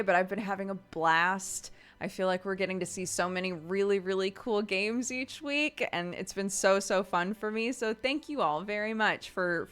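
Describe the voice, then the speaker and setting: Woman streamer chatting w/ her viewers, animated storyteller, does little voices for people. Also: medium pitch, clear, resonant tone. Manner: animated storytelling, frequent laughter; acts out quoted voices while retelling. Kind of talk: casual chat with stream viewers.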